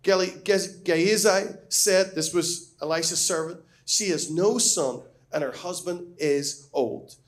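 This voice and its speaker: A man's voice: sits high, measured pace, few pauses. A man preaching a sermon as a pastor, reading scripture and speaking earnestly and emphatically, with rising questions.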